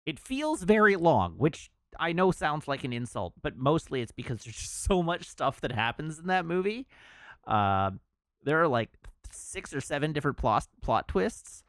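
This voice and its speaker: Lively, chatty male livestreamer. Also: a little high, moderate pace, no echo, clean studio sound. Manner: chatty, laughing, reads chat aloud. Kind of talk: casual stream chatter.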